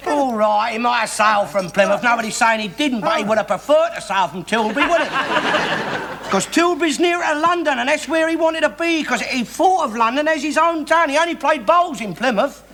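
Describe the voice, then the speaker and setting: An actor playing a bigoted, blustering middle-aged working-class London man who argues and swears without pause, in a studio sitcom. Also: extremely high pitch, expressive, noisy background. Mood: lecturing. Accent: Cockney. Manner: blustering, argumentative, swears constantly. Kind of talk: 1960s-70s studio sitcom acting.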